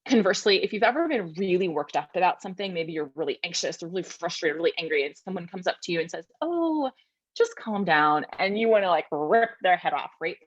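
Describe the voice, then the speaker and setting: Young woman, low-pitched, workshop presenter, thoughtful and gentle, dry video-call sound. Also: quick pace, hardly any pauses, dry recording, muffled recording. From Virginia, USA. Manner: thoughtful, gentle, frequent tag questions. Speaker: vocal wellness presenter. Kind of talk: conference webinar talk.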